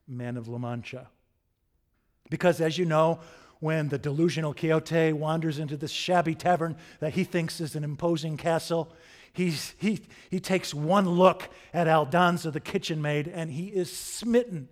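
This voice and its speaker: Expressive male preacher telling a story. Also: on the high side. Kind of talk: sermon storytelling.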